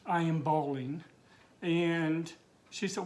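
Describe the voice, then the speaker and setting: A middle-aged man tells his own coming-out story, slowly and haltingly. He stumbles over fillers and restarts his sentences, and he is teary as he speaks. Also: a little high, steady tone.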